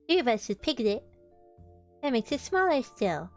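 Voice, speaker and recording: A woman's voice: a little high, big pitch swings, moderate pace, a little mellow, faint music behind. Woman reading as a fretful little boy. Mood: worried. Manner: worried, plaintive. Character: fretful little boy, fond of his bear.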